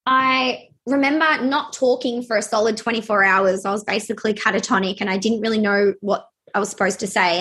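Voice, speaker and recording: A young adult woman telling a personal story in a halting way, with many fillers and restarts. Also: mid-range voice, a bit bright.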